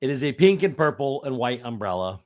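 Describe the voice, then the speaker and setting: Casual podcast host, male, from Indiana; mid-pitched voice, lively storyteller who laughs through his own anecdotes. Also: brisk. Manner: animated storyteller, chuckles often.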